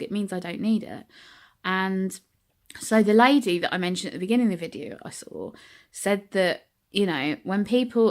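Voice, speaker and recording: A British woman telling stories casually to her own camera as a vlogger, with frequent ums and likes. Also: medium pitch. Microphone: camera she sets up herself.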